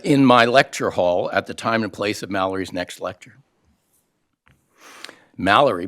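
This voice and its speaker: A man from Canada, older, heading a think tank and giving a formal launch speech to an audience, with dry wit and frequent "uh" fillers. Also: mid-range voice. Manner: dry wit, many uh fillers, quoted lines acted out. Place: event room with an audience.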